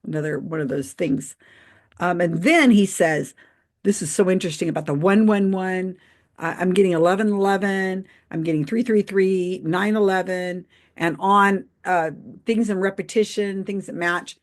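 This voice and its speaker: Speaking on the low side at a moderate pace, the woman hosting this livestream reads viewer comments aloud. Her chat is casual and skeptical, broken up by frequent laughter.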